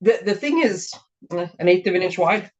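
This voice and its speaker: Chatty hoarse woman demoing crafts. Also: on the low side, animated, moderate pace. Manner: chatty, rambling, self-interrupting. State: slightly hoarse, clearing her throat. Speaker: craft demonstrator and show host. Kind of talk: casual card-making demo. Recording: dull lo-fi recording.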